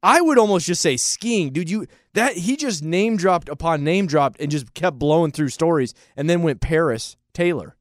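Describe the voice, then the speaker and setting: A man co-hosting a radio show, riffing in casual banter with animated delivery, acting out quotes. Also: a little high, moderate pace, hardly any pauses, dry recording, clean studio sound. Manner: animated, laughing, acts out quotes.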